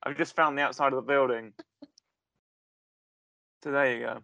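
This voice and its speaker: A man's voice: medium pitch, fairly even intonation, normal speed, gravelly, pushed and bright, dry recording, lo-fi sound. A man hosting a casual review chat, rambling and searching for words with a joking tone. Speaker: podcast host.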